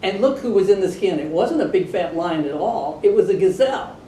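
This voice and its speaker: A woman reads a picture book to children in a chatty, animated way, pausing to talk to her young listeners. She sounds a little far from the mic in a room that echoes, with a soft low rumble underneath. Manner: chatty, animated, adds asides to the kids. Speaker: storybook reader for children.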